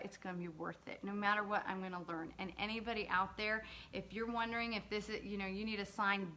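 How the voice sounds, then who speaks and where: A woman, an author, hosting a casual livestream and chatting with viewers, giving shout-outs and laughing asides. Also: medium pitch, slight background noise. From lived in the US state of Georgia.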